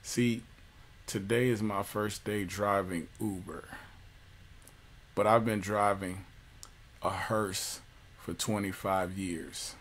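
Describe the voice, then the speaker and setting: A man's voice: fairly low pitch, steady tone, takes it slowly, long pauses, fairly bright tone, a little hiss or hum. A man doing a flustered cab driver. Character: panicked, apologetic male cab driver.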